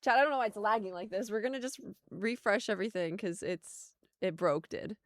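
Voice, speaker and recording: A woman's voice: mid-range voice, a little fast, no room sound, clean studio sound. A woman hosting a casual gaming livestream, talking to chat and laughing often.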